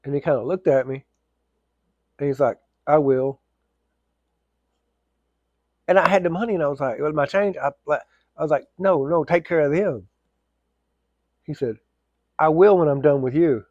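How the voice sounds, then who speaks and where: A man's voice: a little high, moderate pace, long pauses, no echo, highs cut off. A man telling a casual, rambling story, full of fillers and restarts.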